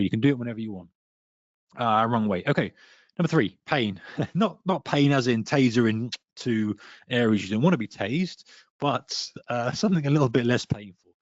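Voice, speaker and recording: A man coaching traders in an online lesson, lively and direct, now and then slipping into the voice of an annoyed trader. The sound is dry and close, with a slightly dull, muffled tone from the webinar audio. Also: medium pitch, no echo. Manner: energetic, talks to listener directly, acts out a trader's inner voice. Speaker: trading coach.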